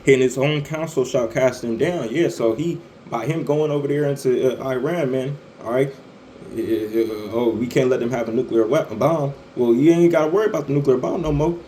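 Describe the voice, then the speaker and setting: Swearing freely, this online commentator stammers through a religious-political rant, constantly adding "man" and "right." He speaks at medium pitch, fairly quickly, in a mellow tone, on a rough recording with a little hiss or hum.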